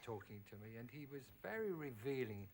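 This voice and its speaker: A man's voice: medium pitch, very animated, brisk, a little mellow, slight background noise. A middle-aged man hosting a talk show, asking his guest friendly, leading questions.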